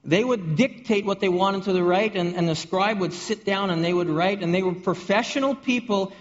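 A man's voice: high voice, moderate pace. A man preaching a sermon to his congregation, often repeating and restarting words and asking the room questions. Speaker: pastor. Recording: dull audio with long hall reverb.

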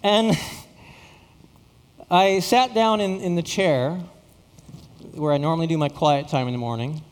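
Stammering pastor from Saskatchewan, reverberant hall. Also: male voice, on the high side, unhurried. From Saskatchewan, Canada. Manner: stammering, repeats words, self-deprecating humor. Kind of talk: storytelling sermon.

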